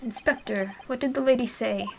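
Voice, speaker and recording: A woman voicing a stern, pompous older male judge in a video game, with a put-on British accent and a formal, measured manner. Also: on the high side, gravelly, very noisy. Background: game music.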